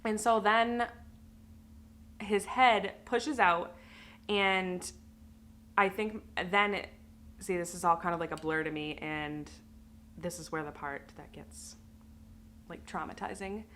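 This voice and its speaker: Woman vlogger, bright voice, emotional candid personal storytelling. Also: medium pitch, fairly even intonation, slow pace, long pauses. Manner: emotional, candid, with many fillers. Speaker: vlogger telling her birth story.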